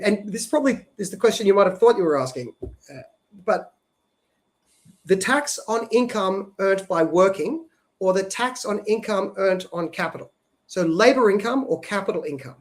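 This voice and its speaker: This man talks in a noticeably high voice as he co-hosts a policy podcast. He explains the economics at length in a casual, conversational way and keeps tagging his points with "right?". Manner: explanatory, frequent "right?" tag questions. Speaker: podcast co-host.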